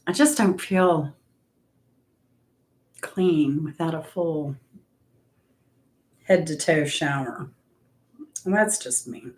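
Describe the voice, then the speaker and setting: A woman hosting a casual livestream, chatting and rambling to viewers and greeting them by name. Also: sits low.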